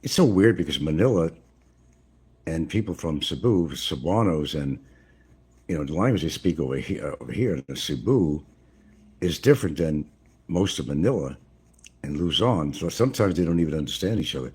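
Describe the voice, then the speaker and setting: A man's voice: rumbling low, expressive, normal speed, darkish tone, husky. An older American man chatting casually on a livestream from his home, rambling and chuckling as he answers chat comments. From United States. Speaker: livestream vlogger. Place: home in the central Philippines.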